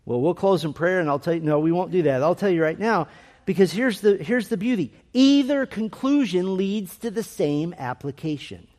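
A man preaching a sermon to his congregation, earnest and emphatic, slowing down to stress key phrases. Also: high voice, animated, darkish tone. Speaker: pastor.

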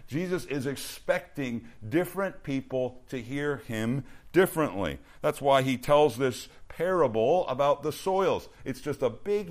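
Man, youth pastor, sermon, earnest, emphatic, repeats phrases, mid-pitched voice. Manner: earnest, repetitive emphasis with restarts.

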